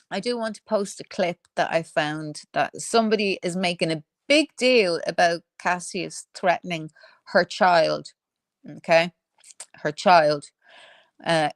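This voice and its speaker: A woman's voice: lowish voice, no room sound, studio quality. A woman hosting a casual live stream, reading viewer comments with sarcasm, frequent swearing and laughter. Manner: sarcastic and profane, laughing often.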